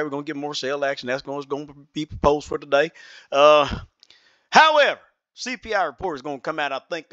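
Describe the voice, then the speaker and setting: A man's voice: on the high side, pushed and bright, no room sound, dull audio. A man voicing a folksy, self-assured Southern market trader, with a put-on Southern US accent and a drawling way of talking. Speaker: trading analyst. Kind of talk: chart analysis in character.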